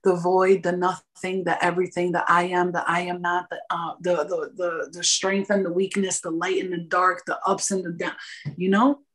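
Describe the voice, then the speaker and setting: A woman in her thirties, a podcast guest and energy coach, talking about spirituality in an animated, preachy and profane way. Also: fairly low pitch, moderate pace. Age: 30s. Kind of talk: casual spiritual podcast talk.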